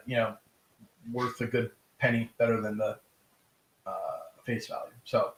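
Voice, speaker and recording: A man's voice: medium pitch, a bit bright, roomy sound, poor audio. A man casually chatting as he runs a live-stream auction from his home, laughing often and rambling between bids. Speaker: livestream auction host. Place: room at home.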